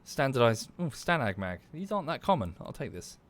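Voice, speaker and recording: An Estuary-accented streamer from southern England chats casually during a live gameplay session, his mid-range voice sing-song and fairly quick. He gives viewers shout-outs by name and swears quietly at the game.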